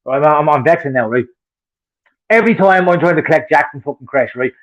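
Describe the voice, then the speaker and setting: Irish guy ranting and swearing, talks really fast, kinda muffled lo-fi audio. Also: fairly high pitch. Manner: profane, heated ranting storyteller. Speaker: podcast co-host. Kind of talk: casual chat.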